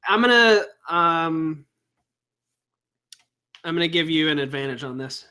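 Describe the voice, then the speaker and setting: Halting, bright-voiced man narrating as game master. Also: a little high, lively intonation. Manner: halting, thinks aloud while describing scenes.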